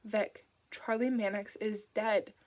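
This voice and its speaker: A woman voicing a calm, patient woman investigator who speaks in a coaxing, steady way in an audiobook. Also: mid-range voice, takes it slowly, natural voice.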